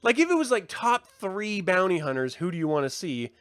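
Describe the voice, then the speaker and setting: A man co-hosting a casual review podcast, talking in an animated way, swearing and mocking in impressions. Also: sits high, fairly quick, no room sound. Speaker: podcast co-host.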